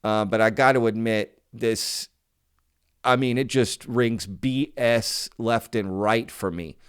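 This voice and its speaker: A man's voice: on the low side, takes it slowly, clean tone. A man hosting his own channel, talking casually to viewers in an emphatic, skeptical way and often repeating himself. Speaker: channel host.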